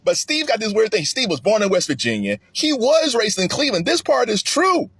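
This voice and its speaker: Male commentator, husky voice, lively delivery that climbs when he makes a point. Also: a little fast, no echo. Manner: animated, rising high when emphatic, with frequent restarts. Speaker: commentary vlogger. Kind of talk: political commentary monologue.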